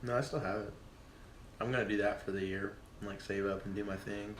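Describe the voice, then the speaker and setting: A man in his twenties, a podcast guest, telling a casual story in a profane, animated way and acting out what people said. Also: fairly low pitch, a little fast, slight background noise. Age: 20s. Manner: profane, animated, acts out quotes. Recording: echoey room.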